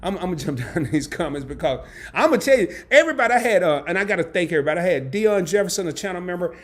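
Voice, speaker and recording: Man, high voice, animated livestream storytelling, slangy, quick laughs. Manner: animated, slangy, laughs often, restarts a lot. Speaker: travel and credit card channel host. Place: home during a power outage.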